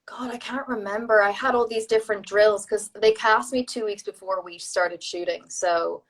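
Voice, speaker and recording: A woman's voice: mid-range voice, normal speed. An Irish woman guest in a casual interview, telling stories and acting out what people said. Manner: animated storytelling, acts out quoted people. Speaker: actor, guest.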